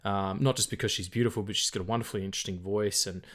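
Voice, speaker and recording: A man's voice: on the low side, steady tone, rapid-fire, a bit bright. A man co-hosting a casual film podcast, rambling with lots of fillers, restarts and swearing. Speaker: podcast co-host.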